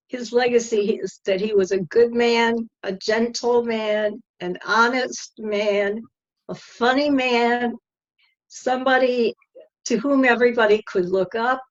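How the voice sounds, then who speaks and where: Slow, measured woman, lo-fi. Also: medium pitch. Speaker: interview guest. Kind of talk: reflective interview answers.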